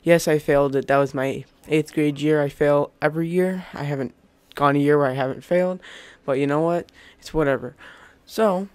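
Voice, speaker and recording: Young male YouTuber, slightly high voice, rambling excited storyteller, loose home-mic recording. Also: normal speed, clear, resonant tone, no echo. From Indiana, US. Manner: rambling, excitable, restarts often. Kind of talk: casual storytelling.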